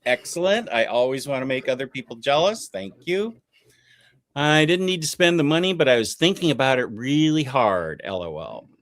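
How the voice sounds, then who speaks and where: Casting: male streamer, mid pitch, chatty and hesitant, dry close mic. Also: lively intonation, normal speed, a bit bright, dry recording. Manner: rambling, hesitant, lots of fillers. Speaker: podcast host. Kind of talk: casual live-stream chat.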